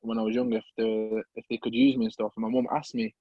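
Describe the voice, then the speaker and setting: A young man from England with a Midlands accent, a podcast guest telling his story in a lively way, acting out the people in it. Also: fairly low pitch, fast, no echo. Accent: English Midlands. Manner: animated, acts out voices of people in his story. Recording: slightly muffled dry recording.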